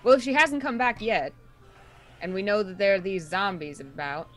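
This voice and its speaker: Woman playing a broody, calculating young man, insinuating, mid-pitched. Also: normal speed, soft background music, natural voice. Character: brooding scheming young man, Evelyn's brother.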